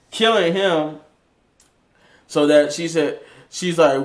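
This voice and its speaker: A man with a slightly higher voice gives a casual, rambling recap of a TV episode. He often restarts his sentences and fills the gaps with ums and "you know"s. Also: measured pace. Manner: rambling, with many restarts and fillers. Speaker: TV episode reviewer.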